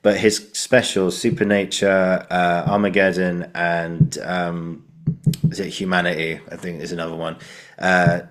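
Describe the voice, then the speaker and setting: A man hosts a relaxed podcast chat in a very deep voice. He wanders through his points with plenty of "you know" and laughs as he retells jokes. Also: measured pace. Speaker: podcast host. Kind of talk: casual podcast conversation.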